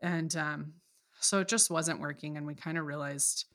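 A woman in her thirties, a podcast guest in casual chat, speaking candidly with frequent laughs and halting restarts. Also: deep voice, steady tone, fairly bright tone. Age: 30s.

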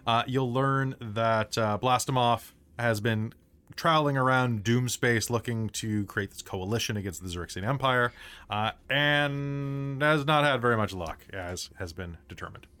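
A man's voice: medium pitch, unhurried, sharp tone, smooth. Rambling male game master. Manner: rambling, full of restarts and fillers. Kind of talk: running a live tabletop game.

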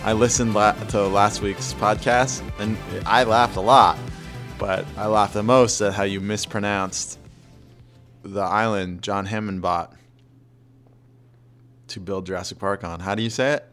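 A man's voice: lowish voice, fairly even intonation, a little slow, fairly bright tone, soft background music. A man co-hosting a podcast, teasing his partner and cracking jokes in casual chat. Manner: teasing, wisecracking, laughs often. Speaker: podcast co-host.

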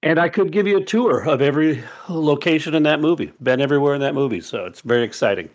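A man from Minnesota guesting on a podcast, giving relaxed short remarks about films. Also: a little high, quick pace. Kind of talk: casual film-discussion chat.

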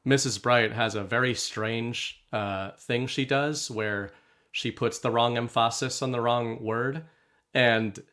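Man, podcast co-host, relaxed, reads viewer messages, mid-pitched voice. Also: slow pace. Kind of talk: casual chat, reading viewer messages.

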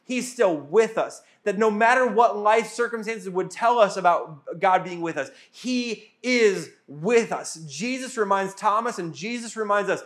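High-voiced man preaching casually. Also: a little slow, few pauses. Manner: casual, animated retelling with acted-out quotes. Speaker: pastor. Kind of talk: sermon.

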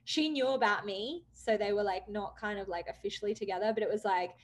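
A young woman candidly recounting a personal story, with many "like" fillers, acting out quoted dialogue with lively jumps in pitch. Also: a little fast. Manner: chatty, frequent "like" fillers. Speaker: guest telling her story.

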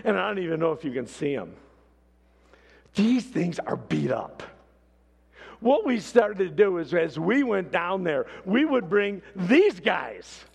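Brief: male pastor mid-sermon, husky and unhurried, storytelling with big dynamic swings, in a large echoing hall. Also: high-pitched. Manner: storytelling, animated swings between hushed and shouted. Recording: long hall reverb.

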